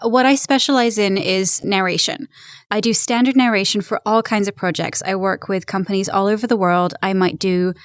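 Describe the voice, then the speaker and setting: A woman's voice: medium pitch, steady tone, moderate pace, clean tone, dry recording, studio quality. A woman in her thirties from England, speaking with an American accent as an upbeat, chatty voice-actor guest who laughs easily in an interview. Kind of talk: casual interview chat.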